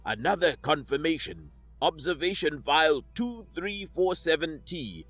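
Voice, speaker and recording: A precise alien guide with a synthetic edge, as a narrator voices him, clipped and exact beneath his nerves. The reading is bright and dry, close to the mic, in a sci-fi audiobook. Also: on the high side, sing-song, measured pace, no echo, faint music behind, heavily acted. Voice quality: synthesized-sounding.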